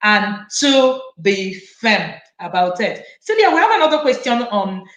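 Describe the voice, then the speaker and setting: A woman's voice: medium pitch, very animated, unhurried, fairly bright tone. A woman host of an online parenting talk who reads out viewer questions and makes her points emphatically. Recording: echoey room.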